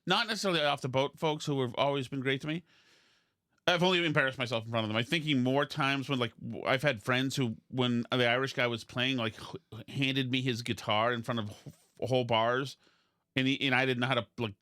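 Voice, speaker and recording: A man's voice: medium pitch, fairly even intonation, a little fast, sharp tone, no echo, studio quality. A man hosting a podcast, rambling and self-deprecating in casual comedic chat, full of restarts. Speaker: podcast host.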